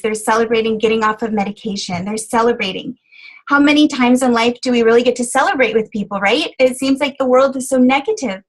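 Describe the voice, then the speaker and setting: An earnest middle-aged woman speaks as a health coach on a phone call, her voice sitting a little high. She sounds choked up and tearful, pausing on fillers as she shares her story. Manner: earnest, emotional, frequent fillers. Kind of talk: motivational testimonial on a conference call.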